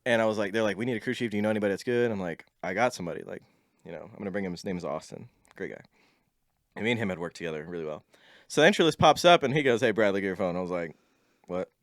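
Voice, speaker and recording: A man with a somewhat low voice chats casually as a podcast guest, recounting stories in a loose, laid-back way. He laughs easily and leans on "like" as filler. The sound is close and dry. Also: racing, dry recording. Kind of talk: casual storytelling chat.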